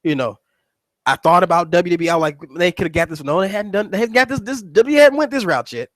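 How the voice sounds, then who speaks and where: A man's voice: high voice, lively intonation, fast talker, a bit bright, dry recording, poor audio. A man hosting a casual wrestling recap, rambling and cursing as he restarts his sentences. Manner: rambling, profane, repeats words and restarts. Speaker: wrestling show host.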